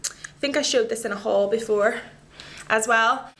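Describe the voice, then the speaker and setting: A woman's voice: on the high side, normal speed, fairly bright tone. A woman vlogger chatting casually and enthusiastically about her favourite makeup products, with rambling asides as she demonstrates them to the camera. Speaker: beauty vlogger.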